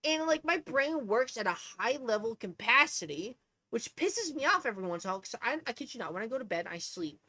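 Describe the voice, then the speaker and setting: A woman's voice: fairly high pitch, a little fast, dry recording. A woman streamer telling rambling, profane stories in a casual rant. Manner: profane, rambling, animated storytelling. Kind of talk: casual ranting chat.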